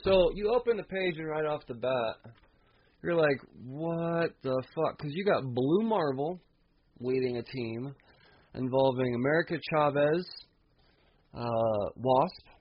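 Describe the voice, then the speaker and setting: Casual, cussing comic reviewer, a husky man on a muffled lo-fi mic. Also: mid-range voice, expressive, a little slow, no echo. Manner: casual, profane, chuckling. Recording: dull lo-fi recording.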